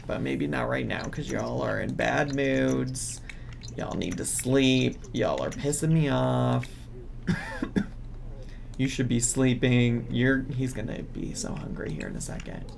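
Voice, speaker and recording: Male streamer, slow and gravelly, ranting at the game in exasperation. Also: medium pitch, noisy background. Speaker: gaming streamer. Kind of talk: casual gameplay commentary.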